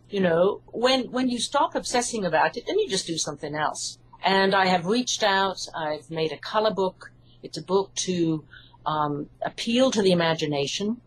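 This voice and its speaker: A woman's voice: on the low side, expressive, normal speed, slight background noise, poor audio. A woman with an English accent, a hypnotherapist answering interview questions in an earnest, reassuring way. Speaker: hypnotherapist and author.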